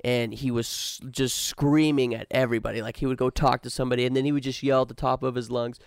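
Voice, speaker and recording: A man hosting a podcast, telling a story in a relaxed, slangy casual chat. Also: medium pitch, brisk, few pauses, smooth, dry recording, studio quality. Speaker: podcast host.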